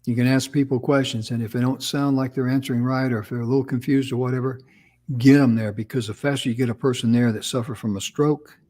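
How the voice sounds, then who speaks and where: A man's voice: medium pitch, fairly even intonation, quick pace, warm tone. A man co-hosting a casual talk show, telling a personal story in a folksy, rambling way with restarts. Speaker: co-host.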